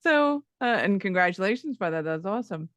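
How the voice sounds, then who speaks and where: A man's voice: high voice, animated, a little fast, fairly bright tone, clear, resonant tone, no echo. A man hosting a business podcast, asking questions in an upbeat, casual way. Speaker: podcast host. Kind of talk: casual interview.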